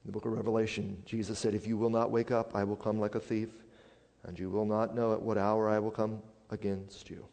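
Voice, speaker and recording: A man preaching a sermon as a pastor, swinging from hushed, quiet passages up to loud, emphatic declarations. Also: on the low side, flat delivery, brisk, vocal fry. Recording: long hall reverb.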